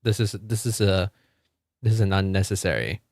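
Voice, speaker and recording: A man's voice: low-pitched, normal speed, gravelly, darkish tone, no echo, studio quality. A young man streaming a game from home, chatting casually, swearing freely and laughing often. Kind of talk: casual gaming livestream chat.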